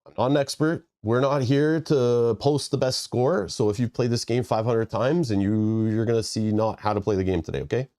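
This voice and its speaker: A man's voice: mid-range voice, normal speed, mellow. A stuffy, nasal-sounding man rambling casually while hosting a live stream and thanking his viewers. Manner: rambling, joking asides. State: congested, nasal. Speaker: livestream host.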